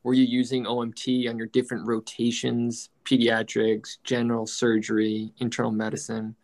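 A man hosting an interview, asking calm, brief questions. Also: mid-range voice, normal speed. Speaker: interviewer, podcast host.

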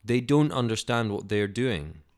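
A man's voice: on the low side, animated, a little slow. A man voicing Jesus in a Bible story, speaking in a pleading, gasping way. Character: Jesus, anguished dying man.

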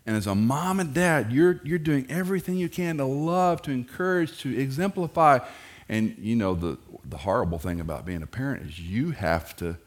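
Preaching with lively energy and jokes, this middle-aged pastor shifts into squeaky mock voices whenever he quotes children or their parents.

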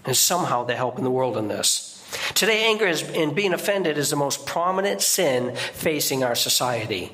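A man preaching a sermon as a guest preacher in a church, in a conversational way with sudden emphatic rises in pitch. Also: very animated, moderate pace, bright, forceful tone.

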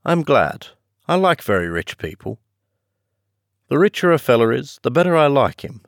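In a storybook reading, a man voices a polite, eager teenage schoolboy, raising his medium-pitched voice above its natural level. The delivery is sing-song at a moderate pace, recorded dry with clean studio sound.

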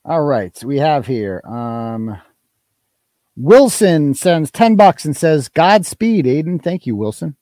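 Male live-stream host, casual and crude, animated pitch, dry sound. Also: takes it slowly, dry recording. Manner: loose, joking, crude asides. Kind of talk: casual live-stream chat reading donations.

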